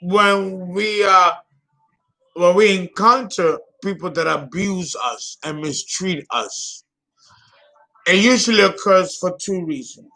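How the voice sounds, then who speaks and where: A man's voice: high-pitched, takes it slowly, sharp tone. A man in his fifties giving a theatrical, exclamatory solo astrology talk. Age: 50s. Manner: dramatic, exclamatory, laughing.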